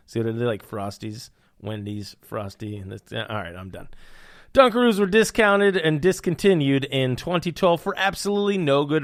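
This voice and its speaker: A man's voice: a little high, no echo, clean studio sound. A young man hosting a podcast, riffing on news with puns and hyped, jokey asides. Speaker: podcast host. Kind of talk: comedic news commentary.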